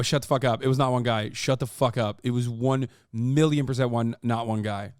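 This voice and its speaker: A man's voice: mid-range voice, fairly even intonation, moderate pace, a crowd in the background. A man in his thirties streaming, reacting to a video with profane, sarcastic ranting. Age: 30s. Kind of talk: casual livestream commentary.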